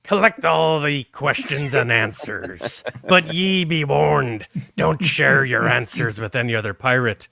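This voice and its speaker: A man putting on a pirate voice to give a warning in slow, theatrical speech. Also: medium pitch, lively intonation, creaky, sharp tone, dry recording, heavily acted. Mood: menacing. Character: gruff male pirate giving a warning.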